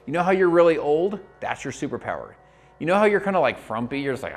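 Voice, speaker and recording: A man giving an energetic motivational talk to the viewer as a network marketing coach, acting out quoted voices as he goes. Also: fairly high pitch, fast talker, faint music behind.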